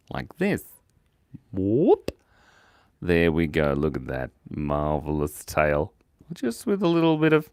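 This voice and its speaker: A man's voice: mid-range voice, no room sound, studio quality. An Australian man hosting a live drawing stream, chatting casually and joking as he reads out viewer comments. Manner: playful and jokey, reading out viewer chat.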